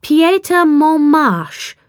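A woman voicing an eager young female companion, pleading and excitable, in a raised voice. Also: sits high, very slow, pitched above the performer's own voice, full character voice.

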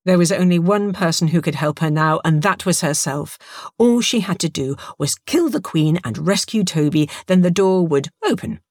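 A woman reads an audiobook with lively, expressive storytelling. Her voice sits on the low side. It is recorded close in a dead, dry studio booth. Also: normal speed, no echo. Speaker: narrator. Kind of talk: scripted audiobook narration.

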